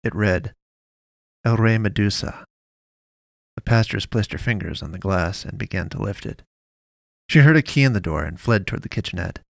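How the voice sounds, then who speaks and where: A man reading a scripted story in a steady, measured way. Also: fairly low pitch, gravelly, no room sound. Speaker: narrator.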